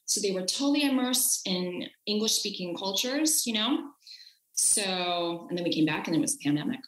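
A woman's voice: mid-range voice, lively intonation, normal speed, a bit bright. American woman chatting in an echoey room. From United States. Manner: chatty, frequent fillers and restarts. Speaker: podcast guest. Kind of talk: casual conversation.

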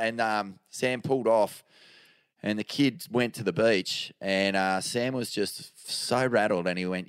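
A man's voice: lowish voice, unhurried, smooth, no room sound, clean studio sound. A man with an Australian accent co-hosting a podcast, chatting casually, swearing freely and telling stories with lots of restarts. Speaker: podcast co-host. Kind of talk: casual chat.

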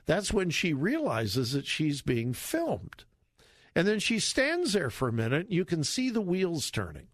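A man's voice: measured pace, dry recording. A middle-aged man hosting a talk radio show, giving emphatic, repetitive commentary. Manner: emphatic, repetitive, lively pitch swings.

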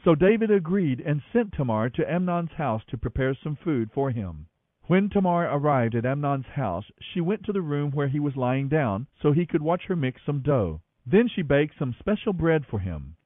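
A man narrates scripture in an animated, expressive reading style. His voice sits a touch high and moves widely in pitch. The sound is thin and phone-like, with a dry, close feel. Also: moderate pace, dry recording. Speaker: Bible reader, podcast host. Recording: tinny phone-like audio, dry.

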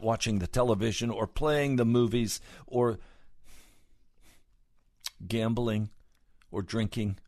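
Fervent male preacher, slow and grave. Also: mid-range voice, no room sound, clean studio sound. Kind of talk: sermon.

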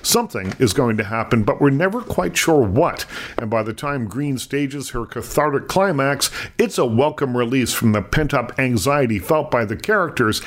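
A man's voice: medium pitch, expressive, moderate pace. A man, the show's film critic, delivering a scripted review with dry wit.

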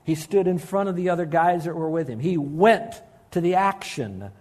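A man preaching a sermon, earnest and emphatic, slowing down to stress key phrases. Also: on the high side, darkish tone. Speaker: pastor.

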